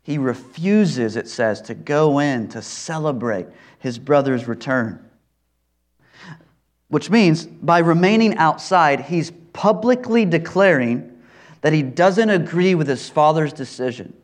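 Earnest preacher man, fairly high voice. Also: lively intonation, slow pace. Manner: earnest, emphatic, repeats phrases for stress. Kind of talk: expository sermon.

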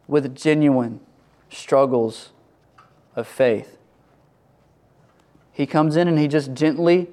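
A middle-aged male pastor preaching a sermon, animated, acting out the voices of biblical figures and church members. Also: fairly high pitch.

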